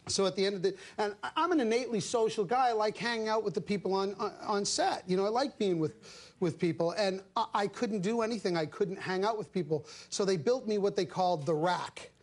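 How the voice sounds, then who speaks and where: A man appearing as a talk show guest, telling animated anecdotes, acting out voices and laughing often. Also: high voice, a little fast.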